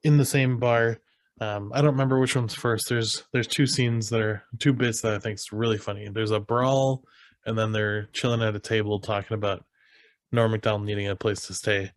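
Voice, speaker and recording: A man's voice: mid-range voice, no room sound. A man co-hosting a podcast in casual chat, animatedly retelling movie scenes. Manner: animated storyteller acting out scenes. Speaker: podcast co-host.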